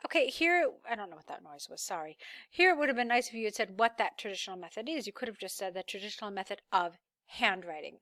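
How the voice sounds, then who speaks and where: Female tutor, bright tone, dry close recording; patient and encouraging while reading out a student's essay. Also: mid-range voice, no echo. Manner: encouraging, explains slowly while reading aloud. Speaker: English tutor. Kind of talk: essay correction lesson.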